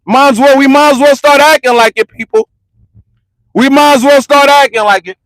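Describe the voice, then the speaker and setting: A man from the United States with a very high voice rants in a heated street vlog, hammering the same slangy lines again and again. His voice is close and dry on a phone mic, with no room sound. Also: steady tone, a little fast, a bit bright, no echo. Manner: repetitive, slangy, confrontational ranting. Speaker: vlogger and commentator. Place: parked car.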